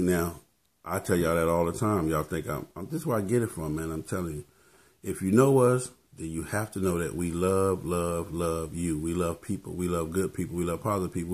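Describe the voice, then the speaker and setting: A man's voice: low voice, dark tone. A man giving casual motivational talk as a vlogger, laid-back and tacking "man" onto his phrases.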